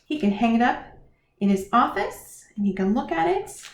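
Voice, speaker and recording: A woman leads a children's lesson in a bright, sing-song way, speaking right to the little ones. Her voice sits a bit high and rings around an echoey room. Her tone stays encouraging and playful throughout. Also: sing-song, moderate pace. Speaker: preschool teacher.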